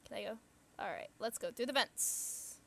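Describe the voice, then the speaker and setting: Young woman gamer, slow chatty commentary, higher voice with some fry. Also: pushed and bright. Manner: chatty, thinks aloud, gasps and squeals at the game. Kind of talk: casual let's play commentary.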